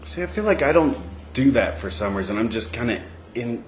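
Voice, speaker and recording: A man co-hosting a podcast, telling a story in a rambling way with many pauses and fillers. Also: mid-range voice, animated, roomy sound. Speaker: podcast co-host. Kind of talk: casual chat.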